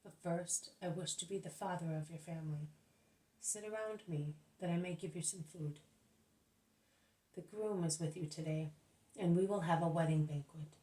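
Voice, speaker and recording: A woman voicing Jesus as a gentle, kindly male teacher in a spoken religious audiobook, with soft, measured speech. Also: fairly low pitch, distant mic, natural voice. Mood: welcoming. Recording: echoey room, voice off-mic.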